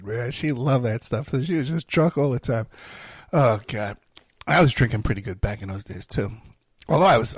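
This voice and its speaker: A man's voice: medium pitch, slightly rough, no room sound. A man hosting a podcast, telling a personal story in a rambling casual way with many fillers. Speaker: podcast host.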